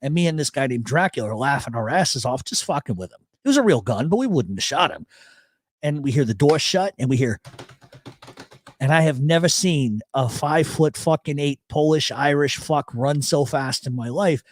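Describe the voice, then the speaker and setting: A man with a voice on the high side hosts a live radio chat show at a normal speed. He's animated, spinning stories and reading chat messages aloud, with heavy profanity throughout.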